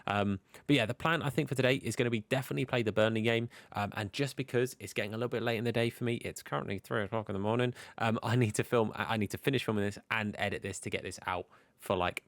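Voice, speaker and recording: A young man chats through his football game like a match commentator, hiccuping now and then. His voice sits a little low, and the sound is close and dry. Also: fairly even intonation, fast talker, no room sound. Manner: chatty, commentator-style play-by-play. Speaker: gaming YouTuber.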